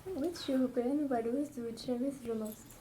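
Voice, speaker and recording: A woman's voice: sits high, normal speed, background noise. A woman whose first language is French, a student interviewer carefully reading out her questions.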